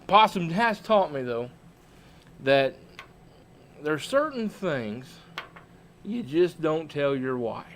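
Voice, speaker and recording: A man hosting a livestream as a small-town mayor, telling comic stories in a folksy, animated way. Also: a little high, slight background noise.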